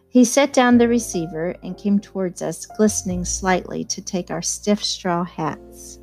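A woman reading a novel aloud in first-person narration, measured and even. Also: fairly low pitch, faint music behind. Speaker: audiobook reader.

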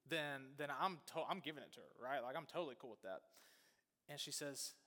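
A man preaching, telling a story in a casual, animated way with many fillers. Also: medium pitch, a little fast, in a large hall. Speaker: pastor.

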